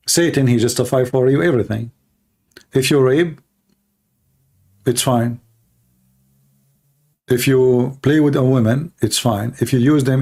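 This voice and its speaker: A man hosting a confrontational livestream debate, talking emphatically and challenging his listeners, with a dry throat and frequent throat clearing. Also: medium pitch, darkish tone. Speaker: debater and host.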